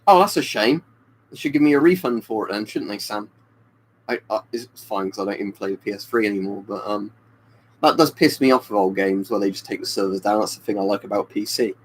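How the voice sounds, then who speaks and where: A man's voice: on the low side, fairly quick, slight background noise, poor audio. A man chatting casually on a webcam live stream, rambling and answering viewers by name. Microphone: webcam stream mic.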